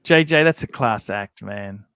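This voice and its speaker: Smooth-voiced laid-back male streamer. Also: on the low side, lively intonation, unhurried, a bit bright, no echo. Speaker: livestream host. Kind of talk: casual livestream chat. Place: at home on a video call.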